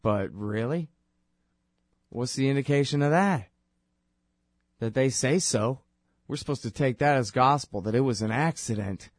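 A man with a medium-pitched voice hosts a political commentary show, speaking sarcastically and with passion. The recording is dry and has a clean studio sound.

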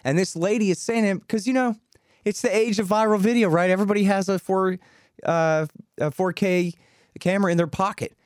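Higher-voiced man hosting, dry sound. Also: brisk, dry recording. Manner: animated storytelling with voiced quotes. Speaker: host. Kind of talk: casual political interview.

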